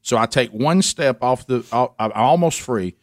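A man hosting a radio show, telling a rambling story with many restarts and animated impressions. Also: medium pitch, moderate pace, no echo, clean studio sound. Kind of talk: casual storytelling chat.

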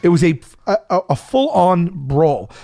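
A man telling a story in casual chat, animated and laughing often, acting out shouted quotes. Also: sits high, normal speed.

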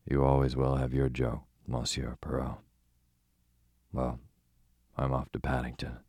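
A man voicing a brisk, bluff male police inspector who talks in a breezy, hearty, clipped way. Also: very deep voice, monotone, a little mellow, husky, dry recording, full character voice.

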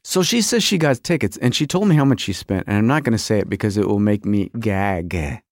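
A man's voice: fairly low pitch, lively intonation, a little fast, dry recording, clean studio sound. A middle-aged man hosting a podcast, telling a comic story about his marriage with exaggerated quoted voices. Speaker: podcast host.

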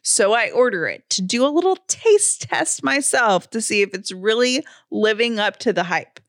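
A woman's voice: on the high side, lively intonation, normal speed, no echo, studio quality. A woman co-hosting a podcast, chatting casually and reading an ad with enthusiasm. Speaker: podcast co-host. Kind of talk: casual chat and host-read ad.

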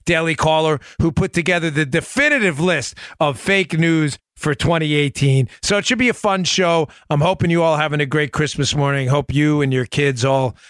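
A man hosting a radio talk show, animated and jokey, with quick asides to his producer. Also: on the high side, dry recording. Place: home studio in Florida.

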